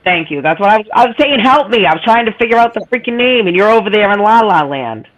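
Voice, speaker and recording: A woman's voice: mid-range voice, expressive, fast, poor audio. A woman with a nasal voice, hosting a live stream in casual, teasing chat. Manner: chatty, teasing, laughs often.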